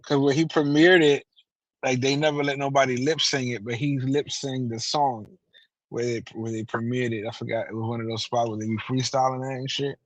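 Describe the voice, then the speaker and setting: Chatty man retelling gossip, mid-pitched. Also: steady tone, a little fast, no echo, rough recording. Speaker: co-host. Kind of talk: casual chat.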